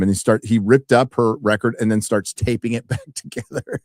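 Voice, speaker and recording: A man rambles through a casual chat, animated and loose, with plenty of swearing. His voice sits a little low. It is recorded dry and close. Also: a little fast, few pauses, no room sound. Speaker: co-host of a review stream.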